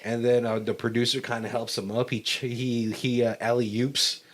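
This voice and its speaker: On a casual movie commentary podcast, a male co-host with a medium-pitched, flat voice rambles through a plot recap at a moderate pace. He keeps searching for words and laughs between his thoughts.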